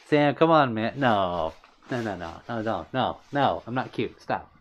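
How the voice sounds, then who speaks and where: A man's voice: lowish voice, animated, takes it slowly, dull audio, a little hiss or hum. A man hosting a casual livestream, reading out viewer comments with a playful, giggly manner and brushing off compliments bashfully. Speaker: livestream host.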